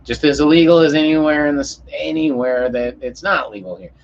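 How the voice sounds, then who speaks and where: A man's voice: a little high, fairly quick, a little hiss or hum. A young man telling a story in a profane, heated rant, acting out the voices of the people in it. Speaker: podcast storyteller. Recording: muffled lo-fi audio.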